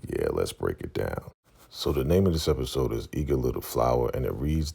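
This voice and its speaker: A man giving a casual episode recap as a vlogger, retelling scenes with animated storytelling. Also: extremely low pitch, brisk, creaky, slightly rough.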